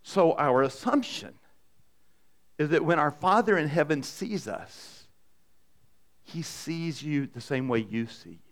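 A man preaching a sermon to a congregation in a conversational, animated way, often asking the room questions. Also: a little high, measured pace, long pauses. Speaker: pastor. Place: church in front of a congregation.

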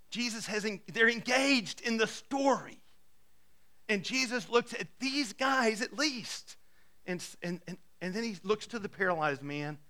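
Man, pastor, sermon, high voice, bright tone, casual storytelling, soft hushed passages.

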